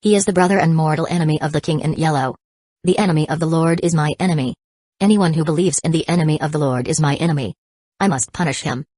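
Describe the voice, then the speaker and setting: A woman gives voice to a brash male zealot in a storybook. He snaps out blunt demands in a low register. The sound is close and dry, with no room around it. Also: quick pace, mellow, breathy edge, dry recording. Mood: defiant. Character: brash zealot man, impatient and defiant.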